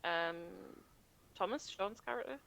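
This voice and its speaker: Female player, slow unsure delivery, mid pitch. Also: expressive, vocal fry, a bit bright, highs cut off. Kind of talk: playing a tabletop game.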